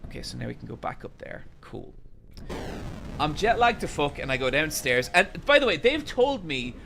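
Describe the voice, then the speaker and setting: A man streamer telling a long anecdote to his chat, animated and casually swearing as he rambles. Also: on the high side, moderate pace, creaky, slight background noise.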